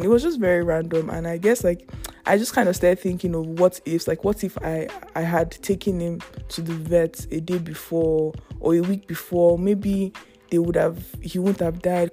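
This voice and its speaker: A woman's voice: fairly low pitch, normal speed, dark tone, soft background music. A young woman hosting her own podcast in casual solo chat, rambling and playful, often laughing. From Yoruba family background. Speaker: podcast host.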